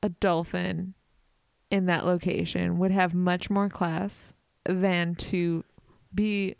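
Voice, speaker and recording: A woman co-hosting a podcast in casual comedic chat, giving deadpan retorts and laughing a lot. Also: on the low side, slow, vocal fry, clear, resonant tone, no echo, clean studio sound. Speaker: podcast co-host.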